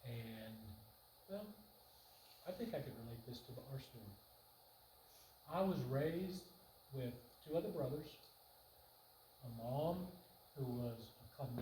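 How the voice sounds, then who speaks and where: A man's voice: medium pitch, unhurried, long pauses. A man giving a church marriage seminar talk, in a folksy, conversational, emphatic way. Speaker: marriage seminar speaker and counselor. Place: church meeting room. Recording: echoey room, distant, noisy.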